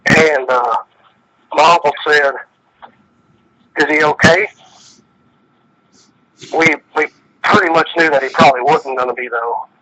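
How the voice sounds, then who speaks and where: Man, casual phone-in storyteller, slightly higher voice, forceful delivery, plainspoken. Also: unhurried, pauses often, slight background noise, poor audio. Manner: plainspoken, retells dialogue with many "he said"s. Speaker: guest storyteller.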